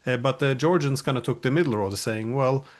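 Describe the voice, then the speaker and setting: A man hosting an interview, speaking in a measured, analytical way with dry ironic remarks. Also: medium pitch. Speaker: podcast host. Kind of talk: conversational interview.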